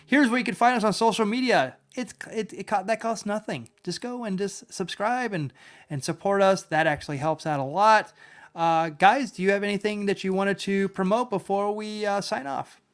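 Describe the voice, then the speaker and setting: Man, podcast host, high voice, halting talk, lots of restarts. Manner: halting, many restarts and fillers. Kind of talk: casual chat.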